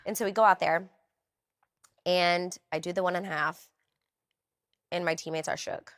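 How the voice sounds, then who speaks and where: A woman's voice: lowish voice, fairly even intonation, normal speed, a bit bright. A woman in her twenties, a podcast guest, recounting a story candidly and acting out her own thoughts in quoted asides.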